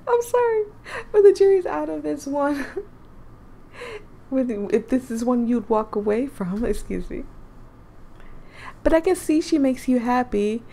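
Woman voicing a teasing young woman, giggly, playful, gravelly edge, dating game character. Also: sits high, mellow, pitched above the performer's own voice, heavily acted.

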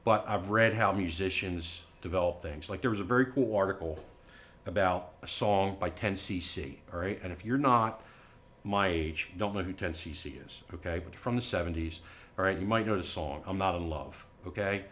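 A middle-aged man with a fairly low voice presents a new product to a live audience. He talks in a folksy, emphatic way and keeps checking in with "all right?" and "okay?". He tells stories as he goes and acts out the people in them. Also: moderate pace. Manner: animated storyteller acting out quoted people.

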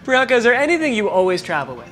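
A man asking brisk, upbeat quick-fire interview questions, laughing easily. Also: high voice, very animated, a bit bright, faint music behind.

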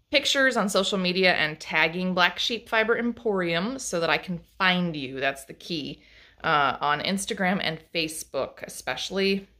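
A woman who owns a craft shop chats loosely on a live stream, filling her talk with ums and false starts. Her voice sits low, with a gravelly fry and a bright, forward edge. She sounds like she is holding the phone herself. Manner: chatty and rambling, with frequent ums and restarts. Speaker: fiber craft shop owner and teacher. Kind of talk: casual live-stream chat.

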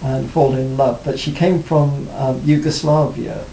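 A man being interviewed about his music career, talking reflectively with many pauses and restarts. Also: vocal fry, warm tone. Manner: hesitant, many restarts and "you know". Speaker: interviewee, former band cellist. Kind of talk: reflective casual interview talk. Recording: roomy, faint rumble.

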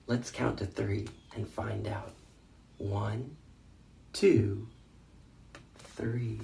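A man, a literacy educator, reads a picture book aloud to children in an expressive, interactive way, inviting them to join in. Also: on the low side, creaky, reverberant. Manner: slow, expressive, prompts listeners to join in with animal sounds.

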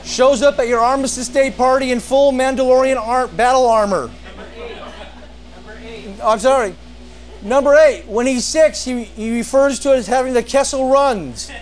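A man's voice: very high-pitched, moderate pace. A man hosting a talk show, reading out a comic top-ten list and then introducing a guest, often laughing at his own jokes.

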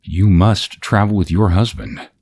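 A man's voice: on the low side, steady tone, unhurried, darkish tone, a little hiss or hum, voice pushed up, natural voice. A man playing a stern, commanding old king.

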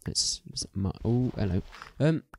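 A man's voice: fairly low pitch, animated, unhurried. A young man chatting casually as he plays a game, rambling with many ums and restarts. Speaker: gaming video host.

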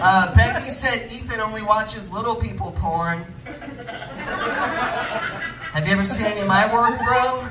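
A man's voice: high-pitched, lively intonation, slow, long pauses. A man doing a rambling, self-deprecating stand-up set, out of breath on a club stage. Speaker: stand-up comedian. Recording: roomy club sound from a distance, loud crowd and noise.

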